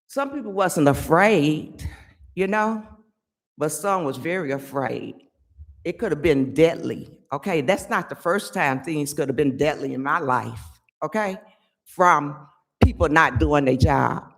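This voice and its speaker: An older woman giving an angry, emphatic public comment at a village board meeting, often pausing to ask "okay?". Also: sits low, lively intonation, gravelly. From Chicago area.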